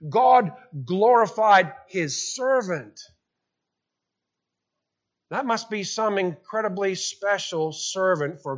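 A man preaches a sermon with a high, ringing voice. He talks emphatically and leans on rhetorical questions. The recording sounds somewhat dull and lo-fi. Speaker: pastor.

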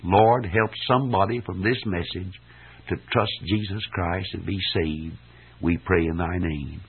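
A man preaching a fervent revival sermon, exhorting his listeners, swelling loud and dropping soft. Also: low-pitched, unhurried, slightly rough. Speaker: evangelist preacher. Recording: tinny old archive sermon recording.

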